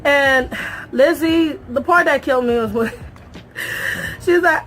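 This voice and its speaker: A woman's voice: high voice, slow, long pauses, fairly bright tone. A young woman talking straight to her viewers in a casual, emphatic recap, repeating phrases for effect. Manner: talks straight to viewers, calls them y'all. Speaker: reality show recap vlogger.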